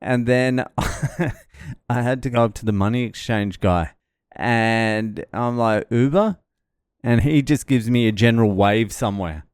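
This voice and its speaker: A man's voice: mid-range voice, unhurried, smooth, no room sound. A middle-aged man swearing freely as he recounts a stressful arrival in a casual travel vlog. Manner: swearing, animated storytelling. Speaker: vlogger.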